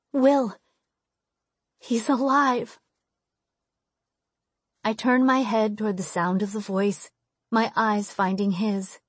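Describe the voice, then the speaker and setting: Her mid-range voice, recorded close in a studio with no echo, carries a first-person audiobook: calm and even through the narration, emotional once characters speak.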